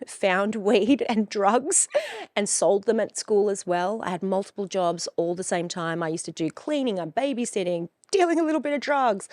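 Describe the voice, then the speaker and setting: A woman's voice: mid-range voice, lively intonation, fairly quick, hardly any pauses, darkish tone, no echo, studio quality. A woman in her forties, telling her own story in a frank, emphatic way that is full of swearing. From Australia. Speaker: coach and podcast host. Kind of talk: personal storytelling.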